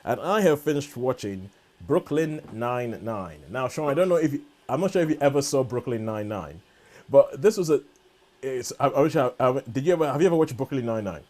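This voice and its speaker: Male podcast co-host, mid-pitch, rambling and eager, trips over his own sentences. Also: expressive, fairly quick, dark tone. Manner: rambling, restarts sentences often. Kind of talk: casual chat.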